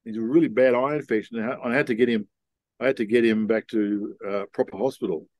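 A man's voice: mid-range voice, steady tone, fast, darkish tone, no room sound. An older man, a podcast guest telling stories in a frank, rambling way with many ums and restarts. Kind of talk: casual storytelling conversation.

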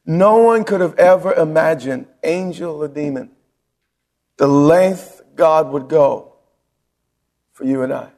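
Male pastor, high voice, call-and-response preaching, long church-hall reverb. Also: takes it slowly, long pauses. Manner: preaching with call-and-response questions, rising to shouts. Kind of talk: sermon.

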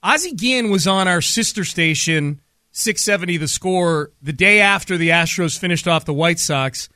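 A man hosting sports talk radio, brisk and analytical, on a studio mic. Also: sits high, bright, forceful tone, no echo.

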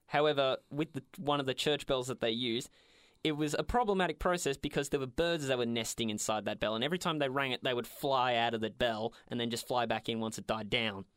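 A man's voice: medium pitch, brisk, fairly bright tone, clean tone, dry recording. A man, hosting a casual music podcast in a studio and announcing rounds in an upbeat game-show style. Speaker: podcast host.

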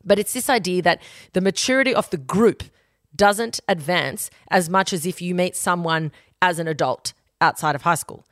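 A woman's voice: lowish voice, normal speed, no echo, studio quality. Blunt, sweary woman podcaster. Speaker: podcast host giving advice. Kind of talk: casual advice podcast.

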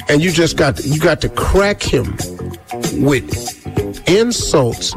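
A man's voice: takes it slowly, pauses often, loud music behind the voice. A man hosting a radio advice segment, joking and acting out silly lines with lots of animation. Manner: animated, acts out silly lovers' lines in a high voice. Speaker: radio show host giving advice. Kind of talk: comedic advice banter.

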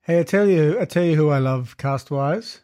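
A man co-hosting a podcast, chatting casually about a movie in a relaxed way, with dry teasing. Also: a little high, moderate pace. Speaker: podcast co-host.

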